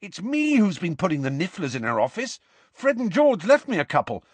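A man's voice: sits high, wildly swooping pitch, brisk, husky, no room sound, pitched above the performer's own voice, exaggerated voice. A man voicing a cheeky teenage schoolboy prankster who talks sheepishly and chattily.

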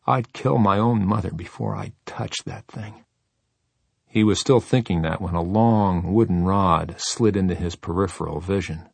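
A man narrating a horror audiobook in a measured, deliberate way. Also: deep voice, vocal fry, a little mellow, husky, no echo.

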